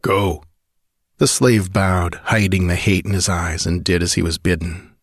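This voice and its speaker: A man narrating an adventure audiobook in a steady, measured storytelling delivery. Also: low voice, no echo, studio quality.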